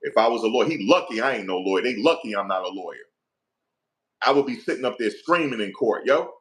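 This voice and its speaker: A man's voice: lowish voice, animated, fast, a bit bright. A middle-aged man, giving heated opinion commentary in an emphatic, profane, repetitive rant.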